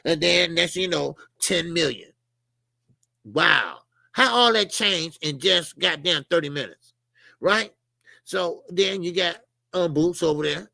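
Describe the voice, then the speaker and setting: A man's voice: fairly high pitch, creaky, sharp tone, dry recording. A man hosting a casual live boxing talk stream, blunt and profane, rambling and addressing viewers in the chat directly. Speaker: boxing channel host.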